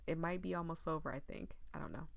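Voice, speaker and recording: A woman's voice: low voice, quick pace, creaky. Emotional woman chatting to viewers. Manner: earnest, emotional, talks straight to viewers. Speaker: gaming video creator. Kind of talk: casual game commentary.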